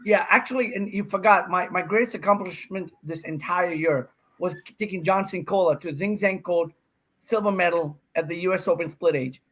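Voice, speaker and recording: A man's voice: high-pitched, normal speed, a bit bright, low-quality recording. A middle-aged man from India, a pickleball pro guesting on a podcast, telling stories in a brash, joking way with swearing and frequent laughs. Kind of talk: casual podcast chat.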